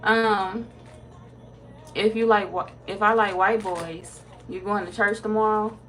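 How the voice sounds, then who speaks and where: A woman tarot reader casually chatting with viewers on a livestream, reading their comments aloud, laid-back and quick to laugh. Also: medium pitch, fairly even intonation, a crowd in the background.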